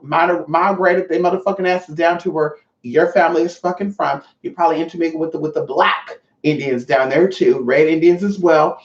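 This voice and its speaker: A woman hosting a casual livestream, reading chat aloud, swearing freely and calling her viewers honey. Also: sits low. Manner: brassy, profane, calls viewers honey. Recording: roomy, distant, dull lo-fi mic.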